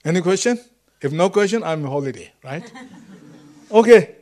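A man teaching as a Buddhist monk, speaking halting English that is not his first language, often pausing to find a word and chuckling through his points. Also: sits high, animated, darkish tone. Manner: broken English, often gropes for words. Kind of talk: dharma talk to a group.

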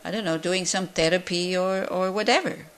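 A woman's voice: lowish voice, normal speed, clear, resonant tone. Woman teaching a Buddhist class. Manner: conversational, rhetorical questions, many fillers.

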